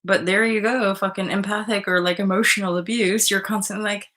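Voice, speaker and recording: A young woman hosting a tarot livestream, chatting candidly and swearing freely as she reads out viewer comments and retells her own experiences with sudden loud outbursts. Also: mid-range voice, steady tone, a little fast. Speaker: livestream host reading tarot. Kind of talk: casual livestream chat.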